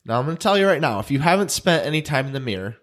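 A man's voice: fairly high pitch, big pitch swings, racing, a bit bright. Man, drawl, earnest, heartfelt, stumbling over words, podcast co-host. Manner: earnest, emotional, repeats words when moved. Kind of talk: casual chat.

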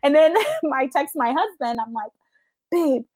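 A woman in her thirties, a podcast guest telling stories in a chatty way, full of "like" and jumping high when she laughs. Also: big pitch swings, normal speed, darkish tone, no room sound. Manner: chatty, says "like" a lot, jumps to high squeals when laughing. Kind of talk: casual storytelling chat.

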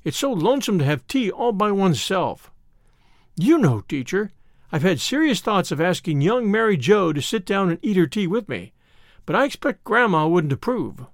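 A man's voice: high-pitched, no echo, studio quality. A man reading the part of an eager, earnest little boy with polite, old-fashioned speech.

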